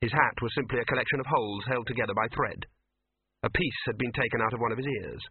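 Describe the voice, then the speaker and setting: A man reads a comic fantasy novel aloud in a wry, varied storytelling manner. His voice is husky and of middling pitch. The recording is dry and narrow-band, thin like a phone line. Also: fast, no room sound. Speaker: audiobook narrator. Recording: tinny narrow-band audio.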